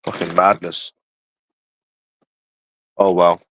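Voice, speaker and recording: A man's voice: deep voice, level tone, slow, fairly bright tone, no room sound, poor audio. A man ranting casually on a livestream, blunt and profane, talking straight to a viewer in chat. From England. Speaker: livestream host.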